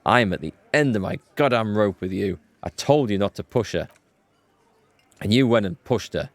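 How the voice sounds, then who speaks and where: A hot-tempered dockworker boss in a detective game, read by a man, low-voiced and blunt. He snaps crude insults and barely holds his anger in. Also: lively intonation, moderate pace, dry recording. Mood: seething. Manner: angry, crude.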